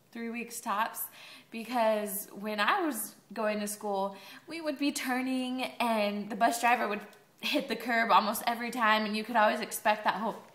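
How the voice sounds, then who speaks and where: A woman's voice: a little high, fairly bright tone, echoey room. A young woman in college, chatting in a rambling video diary with sarcastic asides. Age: young adult. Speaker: college student vlogger.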